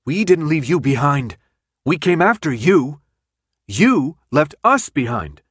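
A man's voice: mid-range voice, lively intonation, normal speed, no room sound, clean studio sound, lightly acted. A man reading an audiobook, voicing a young woman who pleads her case insistently. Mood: pleading.

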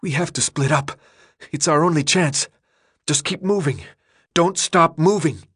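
A man's voice: medium pitch, animated, moderate pace, no room sound, studio quality, lightly acted. A man voicing a tough, panicky teenage boy in an audiobook, harsh and snapping. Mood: scared. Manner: harsh, snapping, swings into despair. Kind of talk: audiobook character voice.

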